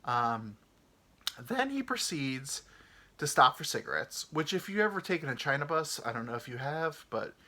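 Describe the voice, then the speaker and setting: Man, comedy podcast host, lively rambling storytelling, bright voice, lots of swearing. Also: a little high, moderate pace. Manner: animated, rambling, full of fillers and swearing.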